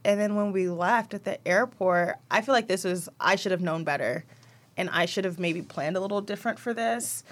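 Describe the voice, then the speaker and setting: A young woman chatting on a podcast about family life, open and a bit rambling. Her voice sits at a medium pitch, and she talks from the heart about her kids. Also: moderate pace. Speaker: podcast co-host. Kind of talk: casual chat.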